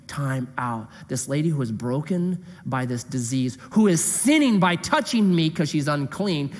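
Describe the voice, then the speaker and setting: Male pastor, high lively voice, slightly husky, preaching in a reverberant hall. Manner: animated, drops to a hushed voice for emphasis. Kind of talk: sermon. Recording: echoey hall.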